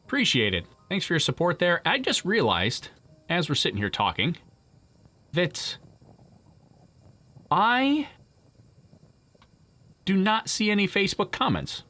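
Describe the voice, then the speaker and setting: A man's voice: high-pitched, wildly swooping pitch, unhurried, long pauses, pushed and bright. A man hosting a live launch stream, chatting casually and answering viewer questions, rambling with frequent restarts and laughs. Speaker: livestream host. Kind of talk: casual live commentary reading chat.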